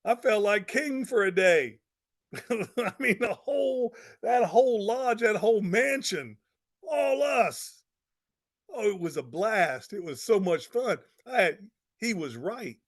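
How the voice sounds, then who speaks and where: Energetic man preaching with a high voice. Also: takes it slowly. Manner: energetic storytelling, repeats phrases for emphasis. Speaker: pastor giving a motivational talk. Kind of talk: motivational talk to network marketers.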